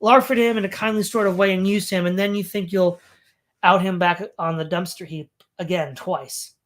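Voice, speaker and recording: A reader voicing a sarcastic London Cockney commoner who mocks the authorities' promises, read in a plain, mid-pitched voice close to the reader's own. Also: fairly even intonation, moderate pace, close to an everyday voice. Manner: mocking, scornful retort.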